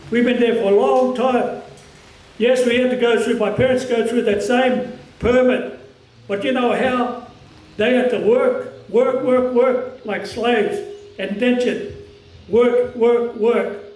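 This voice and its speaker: Australian guy making a passionate speech, strong and halting, echoey and kinda far from the mic. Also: very high-pitched. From Cairns region, Australia. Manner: strong, forceful delivery, halting phrases. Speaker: community speaker at a commemoration. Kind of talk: impassioned public speech.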